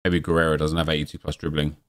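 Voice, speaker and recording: Talking fast in a very deep voice, a gaming channel host casually comments as he opens game packs, breaking into excited outbursts.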